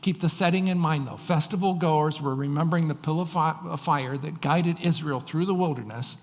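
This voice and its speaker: A male pastor preaching a sermon, slowing down to read scripture with emphasis. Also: on the high side, big-room sound.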